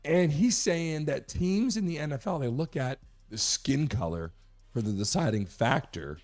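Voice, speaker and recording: A hoarse man hosting a live sports talk show, talking emphatically and repeating his point to make it clear. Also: on the high side, expressive, moderate pace, darkish tone. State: hoarse, recovering from a lost voice.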